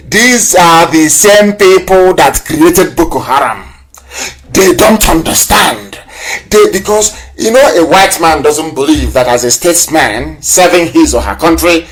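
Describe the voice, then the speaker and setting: Impassioned male political broadcaster. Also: on the high side. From Nigeria. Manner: impassioned, repetitive, scornful oratory. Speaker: broadcast host.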